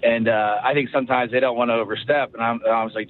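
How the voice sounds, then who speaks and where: A man's voice: on the low side, fairly even intonation, very fast, hardly any pauses, slight background noise. A man from Ohio in his thirties, a pro quarterback guesting on a radio talk show, chatting casually and rambling with lots of fillers and restarts. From Ohio, USA. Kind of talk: casual interview chat. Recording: tinny phone-like radio broadcast.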